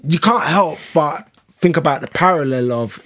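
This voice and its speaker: Male interview host, high animated voice, lively and laughing. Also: normal speed. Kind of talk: casual interview chat.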